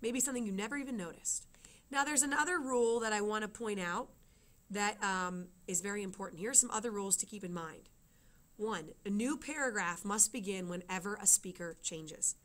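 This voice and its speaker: A woman's voice: medium pitch, fairly quick, fairly bright tone. A woman teaching a writing lesson, explaining step by step and checking in with her students. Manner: explains step by step, often asks "okay?".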